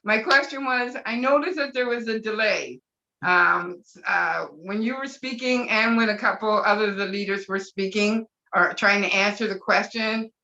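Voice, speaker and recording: A woman speaking as a brand ambassador at a live webinar, gushing and excitable, with sudden whoops of delight. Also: mid-range voice, normal speed, muffled recording.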